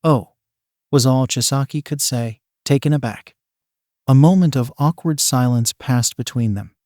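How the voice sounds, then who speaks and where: A man narrates a story in a steady, even reading voice. His pitch is medium for a man. The sound is dry and close, with no room around it. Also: no room sound. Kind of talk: fan fiction reading.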